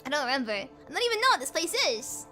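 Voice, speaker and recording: A woman voicing a reserved male android soldier, speaking low-key, terse and a bit weary, pitched lower than her own talk. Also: sing-song, racing, sharp tone, soft background music, full character voice.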